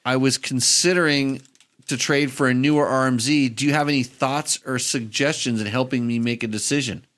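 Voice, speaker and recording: A male podcast host in casual chat, stumbling a little as he reads listener questions aloud. His voice is at a plain middle pitch. He keeps things relaxed and conversational. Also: normal speed.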